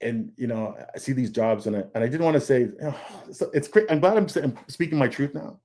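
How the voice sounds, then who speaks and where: A comic book artist talks fast in a medium-pitched, mellow voice with lively intonation during a casual, candid panel over a video call. He's earnest, often restarting, repeating words, and acting out his own thoughts, picked up by a video call mic.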